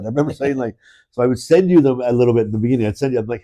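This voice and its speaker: A man's voice: mid-range voice, fast talker, warm tone. A man co-hosting a podcast in casual conversation, rambling with many restarts and chuckles. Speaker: podcast co-host. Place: indoors, in-person studio.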